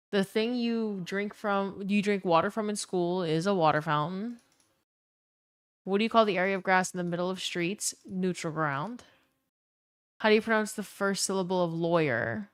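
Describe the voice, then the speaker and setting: A young woman from Louisiana with a New Orleans accent streams games, chatting casually with her chat and swearing freely. Her lowish voice is smooth, captured in clean studio sound with no room echo.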